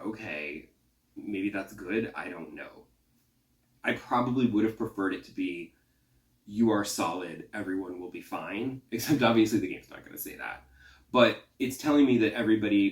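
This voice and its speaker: A man with a lowish voice chats casually about a video game, slipping into quick voiced quotes of himself and the characters. He sounds set back from the microphone in a roomy, echoing space. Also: far from the mic. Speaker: podcast host. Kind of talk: casual gaming chat. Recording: echoey room, off-mic.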